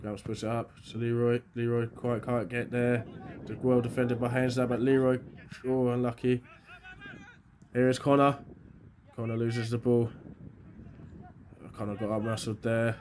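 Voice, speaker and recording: A man from England, a bit under the weather, doing excitable live commentary on an amateur football match outdoors. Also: mid-range voice, unhurried, long pauses, a little hiss or hum. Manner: excitable, shouting at chances, then quiet and matter-of-fact. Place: outdoors at a grassroots pitch.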